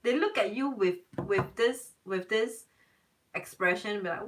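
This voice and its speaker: A woman's voice: mid-range voice, a little slow, far from the mic, low-quality recording. A young woman, a tarot reader, chatting casually on a live stream, emphatic and repeating herself.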